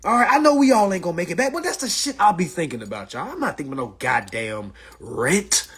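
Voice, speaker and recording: A man holds forth on a phone livestream, loose and profane. His voice sits high and swings widely in pitch, with a husky edge. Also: fast talker. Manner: animated, profane, mimics others' voices. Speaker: livestream host. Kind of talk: casual livestream rant.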